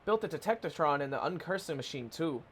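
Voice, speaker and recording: A man's voice: a little high, lively intonation, fast, a bit bright, breathy edge. A man voicing a modest handyman with a put-on Irish accent, rambling folksily. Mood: folksy.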